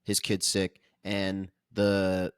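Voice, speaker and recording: A man's voice: low-pitched, monotone, extremely slow, clean tone, no room sound, studio quality. A man co-hosting a podcast, chatting casually and thoughtfully about a film, hedging his points with lots of "like". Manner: thoughtful, hedging, many fillers. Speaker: podcast co-host. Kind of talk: casual film review chat.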